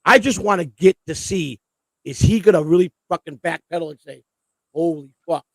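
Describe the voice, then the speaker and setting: A man hosting a casual livestream chat, rambling and swearing excitedly as he talks. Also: sits high, fairly quick, creaky, no echo. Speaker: host.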